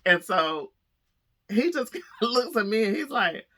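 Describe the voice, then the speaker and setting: A woman vlogger telling a story to camera, chatty and animated, laughing as she goes. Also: mid-range voice, slow.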